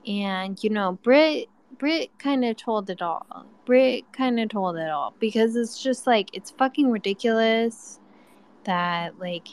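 A woman's voice: a little high, lively intonation, slow pace, clean tone, rough recording. A woman calling into a live chat room, ranting angrily and swearing heavily. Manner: angry, heavy swearing. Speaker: caller. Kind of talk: heated rant.

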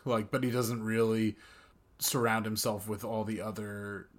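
Eager, excited man talking movies. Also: fairly low pitch, a little slow. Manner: enthusiastic, trails off and restarts. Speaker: podcast co-host. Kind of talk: casual film discussion.

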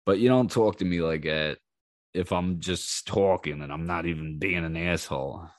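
A man hosting his own podcast, telling wild stories in a casual, animated way. He acts out the people in them with raised voices, swears freely and laughs as he goes. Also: sits low, moderate pace, no room sound, studio quality. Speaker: podcast host. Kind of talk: casual storytelling monologue.

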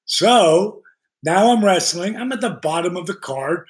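A man guesting on a podcast tells casual, animated stories in a high voice at a measured pace. He swears freely and acts out the dialogue.

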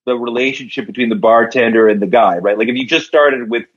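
A man, a podcast guest and writer, telling long story jokes in casual talk and voicing the characters with big jumps in pitch. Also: fast, husky, dull audio.

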